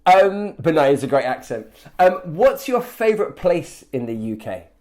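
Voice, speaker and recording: A man's voice: on the high side, very animated, moderate pace, a little mellow. Upbeat chatty male interview host. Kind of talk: casual interview chat.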